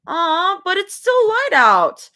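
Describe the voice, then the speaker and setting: A playful young woman stuck in a hospital bed, voiced by a woman reading a fanfic aloud. She sounds whiny and teasing, and her pitch leaps up and down as she begs in a bouncy lilt. She speaks slowly and draws out her pleas. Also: wildly swooping pitch, pushed and bright, full character voice. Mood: pleading.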